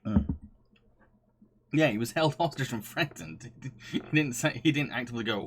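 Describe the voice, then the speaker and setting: A man rambling happily on a live stream, his voice sitting at an ordinary middle pitch. He gushes, laughs often and stumbles over restarts as he reads out comments from chat. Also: moderate pace, pauses often, slightly rough. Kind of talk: casual chat, reading chat.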